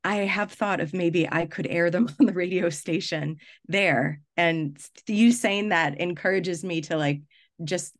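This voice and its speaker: A woman with a slightly low voice talks hesitantly and laughs lightly while she speaks. She pauses and restarts as she works through her thoughts. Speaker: student radio volunteer. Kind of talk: casual discussion on a video call.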